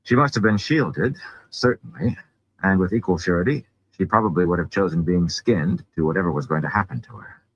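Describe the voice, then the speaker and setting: A man reading a fantasy novel aloud in an expressive way. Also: sits low, a little fast, muffled recording, slight background noise. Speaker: audiobook reader.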